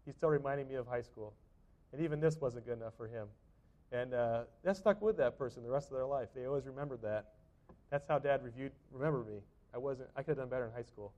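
Speaking fast in a warm, medium-pitched voice, a middle-aged pastor preaches a sermon from a church sanctuary, the audio sounding dull. His delivery is conversational, with frequent fillers and restarts.

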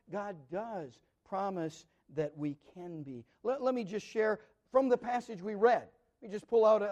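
A man with a very high voice preaches a Bible study. He is earnest, often repeating himself and asking rhetorical questions. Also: a little mellow.

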